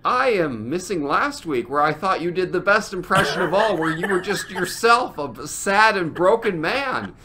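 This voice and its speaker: A man co-hosting a comedy podcast, talking in deadpan, sarcastic casual banter. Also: high voice, normal speed, few pauses, noisy background. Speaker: podcast co-host.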